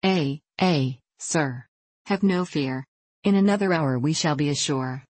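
A woman voicing a kindly, hearty old male sailor who talks in a slow, earnest seaman's way in a storybook reading. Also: low-pitched, a little mellow, breathy edge, dry recording. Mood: hearty, urging.

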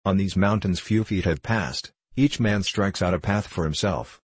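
A man's voice: low-pitched, normal speed, husky, no echo. A man reading a grave old sage. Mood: grave, solemn. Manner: grave, solemn speech. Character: wise, sorrowful old man named Wisdom.

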